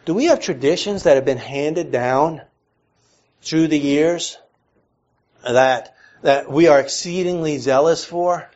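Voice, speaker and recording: A man's voice: fairly high pitch, slow, a little mellow, highs cut off. A man preaching a sermon to a congregation, with a mix of Northern and Southern American accent. He asks earnest questions and builds to emphatic peaks. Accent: mixed Northern and Southern American. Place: church before a congregation.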